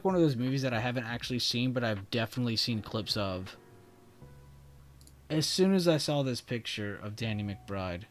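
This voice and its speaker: A young man hosting a livestream, chatting casually and laughing easily in a laid-back, slangy way. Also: medium pitch. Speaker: trading livestream host.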